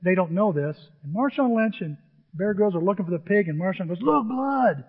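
A man telling a humorous story to an audience in an animated, chatty way, often repeating himself. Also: high voice, brisk. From grew up on a farm. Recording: dull, with long hall reverb.

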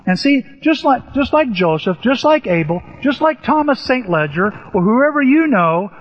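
A man's voice: very high voice, big pitch swings, moderate pace, breathy edge. An older man preaching a sermon, telling stories animatedly with sudden rises in his voice. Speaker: pastor. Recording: echoey hall, dull lo-fi sound.

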